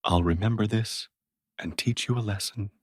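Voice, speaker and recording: A sly young beggar thief from a storybook, played by a man reading aloud. The voice sits a little higher than the reader's own, husky and dry. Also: moderate pace, no echo. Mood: menacing.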